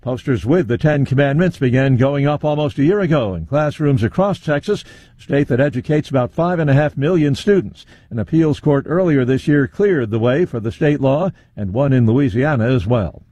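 Dark husky radio news anchor man. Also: mid-range voice, normal speed, no room sound. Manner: even scripted news delivery. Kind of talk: radio newscast reading.

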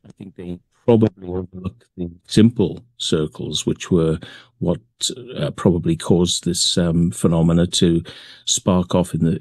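A man being interviewed, talking in a relaxed way with many pauses and fillers. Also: deep voice, slightly rough, no room sound. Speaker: guest, crop circle maker. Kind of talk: remote interview.

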